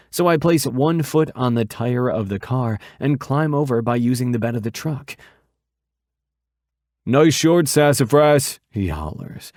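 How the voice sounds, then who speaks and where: A man with a fairly low voice narrates an audiobook, steady and measured. The recording is dry with clean studio sound.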